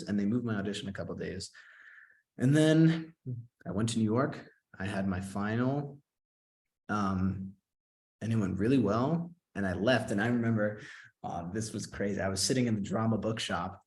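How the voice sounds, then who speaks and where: A young man chatting as an interview guest, retelling events with quick bursts of excitement in a fairly low voice. He acts out his own past reactions as he talks. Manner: animated, quoting himself in excited bursts. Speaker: guest actor and singer. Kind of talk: casual interview storytelling.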